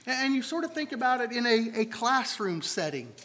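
A man's voice: very high voice, big pitch swings, normal speed, pushed and bright. A man preaching a sermon to a congregation in a conversational way, often repeating words as he thinks aloud. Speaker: pastor. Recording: long hall reverb.

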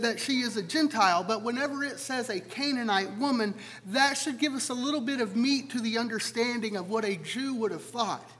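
A man's voice: high-pitched, a bit bright, slight background noise. A man preaching a sermon to a congregation in a conversational way, often repeating words as he thinks aloud. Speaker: pastor. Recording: long hall reverb.

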